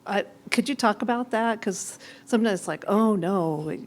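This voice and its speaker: A woman in the audience asking the speaker a question, halting and restarting as she phrases it. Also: mid-range voice.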